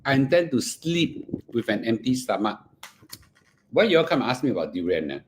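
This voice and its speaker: A man's voice: medium pitch, big pitch swings, normal speed, slight background noise. A middle-aged man with a Singaporean English accent, hosting a casual livestream, chatting in Singlish with bits of Mandarin and murmuring between bites. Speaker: finance livestream host.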